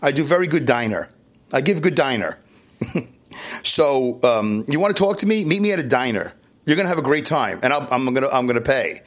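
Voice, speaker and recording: Recording from a hotel room, a New York man with a Brooklyn accent delivers a casual solo podcast monologue. His medium-pitched voice is very animated and a little fast. He rambles and pokes fun at himself, full of restarts and asides.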